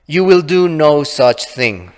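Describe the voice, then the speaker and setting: A man's voice: fairly high pitch, expressive, slow, darkish tone, pitched above the performer's own voice. A man doing a frightened, defiant young woman. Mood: commanding. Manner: pleading, then commanding. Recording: long reverb.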